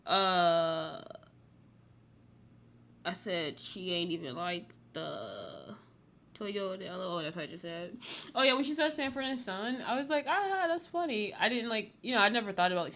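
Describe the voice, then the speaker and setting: Bright-voiced woman rambling casually. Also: fairly low pitch, animated, normal speed, vocal fry. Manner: rambling, fills speech with "like"; candid, blunt. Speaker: TV reality show reviewer. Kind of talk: casual chatty recap.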